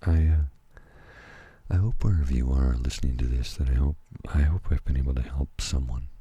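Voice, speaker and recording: A tired man from Canada, talking slowly and haltingly at home at night in a soft ASMR manner, with many fillers and restarts. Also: very deep voice, breathy edge. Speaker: ASMR channel host. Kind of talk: soft-spoken ASMR personal talk.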